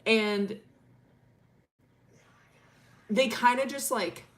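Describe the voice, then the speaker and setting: A woman's voice: a little high, measured pace. A woman streamer casually telling a long story, rambling with lots of fillers, laughing often and swearing freely.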